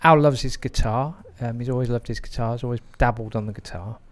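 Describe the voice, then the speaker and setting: A man who is a podcast guest, telling a story in a reflective way, with frequent pauses and restarts. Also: mid-range voice. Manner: hesitant, many fillers and restarts, reflective. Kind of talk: conversational storytelling.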